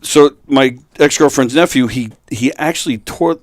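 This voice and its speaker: A man on a podcast tells a story in halting, hesitant bits. His voice is at a middle pitch and recorded dry and close. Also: dry recording. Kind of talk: casual chat.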